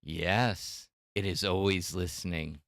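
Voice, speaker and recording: A man's voice: deep voice, steady tone, slow pace, a bit bright, no echo, studio quality. A middle-aged man hosting a casual tech chat, rambling with many restarts and fillers. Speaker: podcast host.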